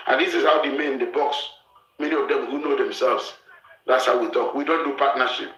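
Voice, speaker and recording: A man's voice: mid-range voice, fairly even intonation, a little fast, echoey room, a little hiss or hum, rough recording. A man from Africa hosting a show, giving blunt, lecturing relationship advice and repeating his points. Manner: forceful, lecturing, repeats himself.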